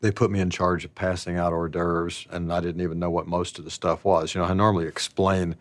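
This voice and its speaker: A man in his sixties with a low voice, recounting stories from his life in a relaxed, rambling, self-deprecating way. He often drops "you know" asides. The sound is dry and close, with no room around it. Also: brisk, no room sound. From American South. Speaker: actor telling his story. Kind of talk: reflective storytelling.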